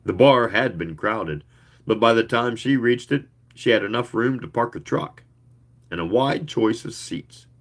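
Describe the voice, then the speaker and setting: A man reading a story aloud in an expressive, leisurely way, with occasional asides. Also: mid-range voice, unhurried. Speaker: reader.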